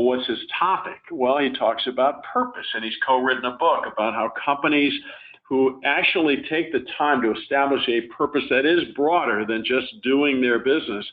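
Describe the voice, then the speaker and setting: A man talks in a loose, rambling way, full of fillers. He is a guest being interviewed. His voice comes over a thin, narrow-band phone line. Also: mid-range voice. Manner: relaxed, rambling, many fillers. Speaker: interview guest, former company executive. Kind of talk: casual conversational interview.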